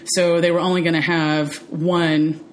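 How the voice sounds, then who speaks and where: Woman with a lowish voice chatting on a podcast, lots of "like" and "um", bit of hiss. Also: unhurried. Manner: chatty, animated storytelling with many fillers. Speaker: podcast co-host. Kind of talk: casual chat.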